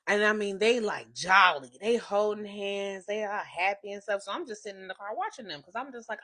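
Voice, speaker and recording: Woman in her thirties, vlogger, confessional story, animated, swears a lot, hushed then loud. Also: medium pitch, moderate pace. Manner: animated, profane, swings between hushed and loud.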